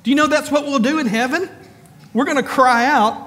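A man with an extremely high, slightly bright voice preaches as pastor in a large hall. He calls out to the congregation in rising, emphatic bursts, builds lists for emphasis, and drops in brief asides.

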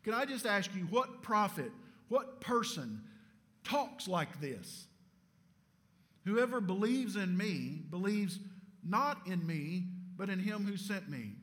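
Delivering a sermon with emphasis, a man asks rhetorical questions and lowers his voice as phrases end. His tone is expressive and a bit bright, and he keeps a measured pace.

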